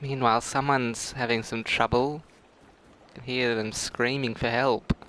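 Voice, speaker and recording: His medium-pitched voice is flat, unhurried and fairly bright, with a little hiss or hum behind it. A middle-aged man on a casual gameplay livestream, he chats with viewers, giggling often and falling into fits of laughter.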